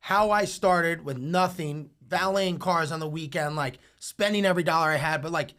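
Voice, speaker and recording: A man's voice: on the high side, normal speed, fairly bright tone. A young man telling stories in a casual podcast chat, rambling and swearing with lots of filler words. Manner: rambling, profane, heavy use of filler like. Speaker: entrepreneur guest.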